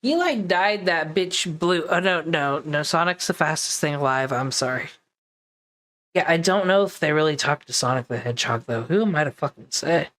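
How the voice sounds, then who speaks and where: A woman's voice: low voice, lively intonation, moderate pace, fairly bright tone. A woman hosting a reaction commentary, making sarcastic, dry asides. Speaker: commentary host.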